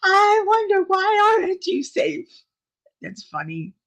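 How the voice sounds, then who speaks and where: Slow, chatty woman hosting a livestream. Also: very high voice, huge pitch swings, vocal fry, fairly bright tone. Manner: chatty, laughing often, reading out viewer comments. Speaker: livestream host. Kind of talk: casual livestream chat with viewers.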